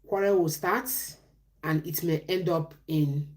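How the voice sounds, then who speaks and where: A woman's voice: low voice, measured pace, a little mellow. Woman preaching relationship advice. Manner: preachy, asks questions and answers them herself. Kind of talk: live-stream advice talk.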